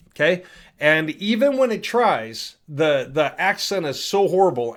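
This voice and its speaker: A man hosting a casual software demo, chatty and thinking aloud as he clicks through. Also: fairly high pitch. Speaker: host demonstrating software. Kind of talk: casual screen-recorded product demo.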